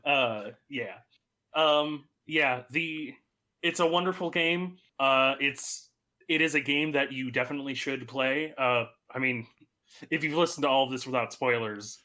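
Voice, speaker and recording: Casting: male podcast co-host, bright tense voice, rambling and loose. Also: medium pitch, measured pace. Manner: rambling with many fillers, laughs often. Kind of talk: casual chat.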